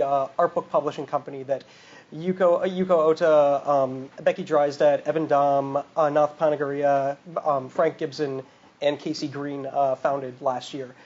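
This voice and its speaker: A man on a panel describing his publishing business work in a quick, casual way. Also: fairly high pitch, darkish tone, lo-fi sound. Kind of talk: panel discussion.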